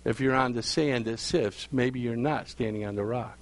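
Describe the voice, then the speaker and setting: A man's voice: mid-range voice, normal speed, slight background noise. A male pastor preaching a sermon, repeating phrases for emphasis and calling out questions to his congregation.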